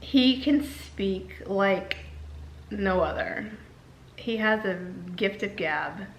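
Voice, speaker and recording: A woman's voice: medium pitch, expressive, very slow, slight background noise. A woman candidly telling a personal story in a vlog, emotional and repeating herself as she talks. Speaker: vlogger. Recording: echoey room.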